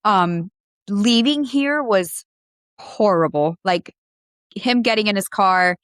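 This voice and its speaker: A woman's voice: mid-range voice, lively intonation, slow pace, a bit bright, smooth, no room sound, studio quality. A woman co-hosting a podcast in casual chat, emotional and rambling, with many restarts and trailing thoughts. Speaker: podcast co-host.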